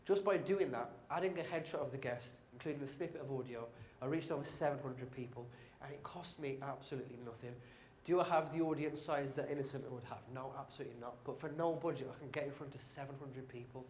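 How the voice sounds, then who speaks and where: A man with a Brummie accent giving a lively, joking marketing talk to a live conference audience, addressing the crowd directly. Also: medium pitch, fast talker, a little hiss or hum. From England. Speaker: conference speaker. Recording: roomy hall sound.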